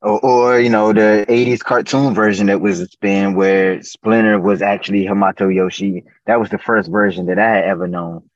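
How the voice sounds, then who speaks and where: Low-voiced laid-back man, lo-fi podcast. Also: flat delivery, moderate pace, few pauses, no echo. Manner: laid-back slangy talk, keeps saying "you know what I'm saying". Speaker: podcast guest. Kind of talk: casual fan chat. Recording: dull, dry lo-fi sound.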